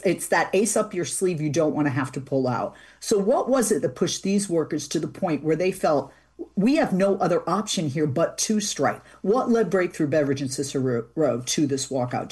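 A woman's voice: low-pitched, animated, normal speed, a little mellow, breathy edge. A woman hosting a talk show, chatty and easygoing, with plenty of fillers and restarts. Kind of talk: casual radio interview.

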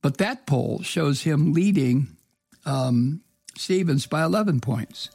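Gravelly, indignant man ranting. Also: on the high side, expressive, slow pace, darkish tone, dry recording, studio quality. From from the US state of Georgia. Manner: profane, sarcastic, indignant, with frequent fillers and restarts. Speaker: political commentary host. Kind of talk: solo political commentary, reading and reacting to news.

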